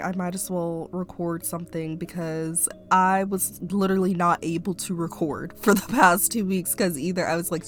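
Young woman, podcast host, slightly stuffy-nosed, rambling chat, lowish voice, faint music behind. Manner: rambling, chatty, many fillers like "um" and "like". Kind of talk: casual personal podcast monologue.

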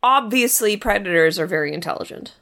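Woman podcast cohost, mid-pitch voice, asks questions, casual swearing. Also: animated, brisk, fairly bright tone. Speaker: podcast co-host. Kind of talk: casual movie chat.

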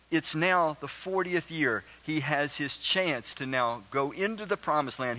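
A man's voice: a little high, sharp tone, rough recording. A man preaching a sermon, reading scripture aloud and earnestly quizzing his congregation. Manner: asks the congregation questions; emphatic and earnest.

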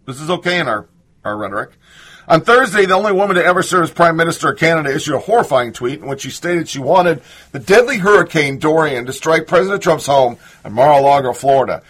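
A man's voice: a little high, fairly bright tone, husky. A man reading news aloud and reacting to it with sarcastic, indignant asides. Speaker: political commentator.

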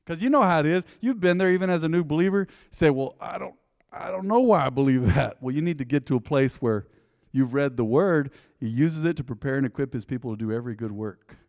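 A man's voice: a little high, quick pace, darkish tone. A male pastor leading a Bible study in a church, talking in a conversational, emphatic way. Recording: long hall reverb.

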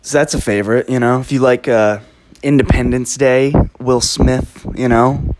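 Solo podcast host, young man, mid-pitch, swears freely, emphatic rambling rant. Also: fairly even intonation, moderate pace, darkish tone, slight background noise.

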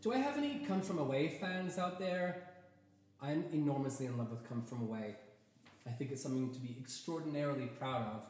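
A man's voice: mid-range voice, lively intonation, a little fast. Gushing Canadian man in an echoey room. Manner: gushing, soft and chatty with restarts. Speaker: host of a theatre talk show. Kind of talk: casual chat.

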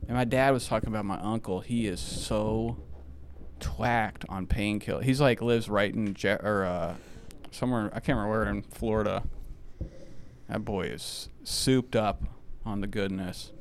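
A man's voice: fairly low pitch, moderate pace, slight background noise. A young man co-hosting a podcast, rambling through stories in casual banter and swearing constantly. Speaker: podcast co-host.

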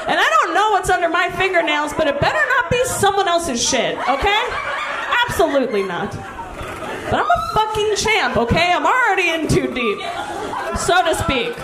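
A woman's voice: extremely high pitch, sing-song, normal speed, pauses often. A woman comedian telling a crude story in a stand-up routine with a brash, laughing delivery. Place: comedy show stage. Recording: live club recording, echoey and noisy.

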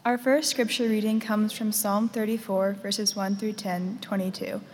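A woman reading scripture aloud during a church service, in a steady, even way. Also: medium pitch, moderate pace. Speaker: scripture reader. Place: large church sanctuary. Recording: long church reverb, faint room noise.

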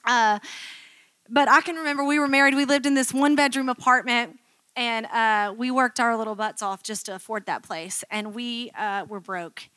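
A woman's voice: on the high side, moderate pace, sharp tone, no echo. A middle-aged woman pastor preaching a sermon in a chatty, self-mocking storytelling way, acting out quotes from her own life.

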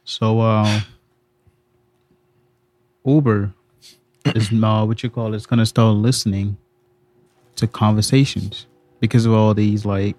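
A male podcast co-host with a New York accent, talking casually in a halting way with many fillers. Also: fairly low pitch, flat delivery, darkish tone, no room sound. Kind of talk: casual chat.

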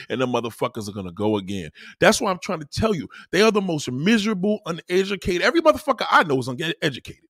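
A man's voice: on the high side, huge pitch swings, fast talker, fairly bright tone, slightly rough, no room sound, clean studio sound. A man ranting heatedly in a profane, repetitive monologue to his audience.

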